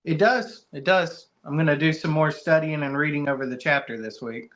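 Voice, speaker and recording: Quiet, hesitant male student. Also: on the high side, normal speed. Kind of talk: answering questions.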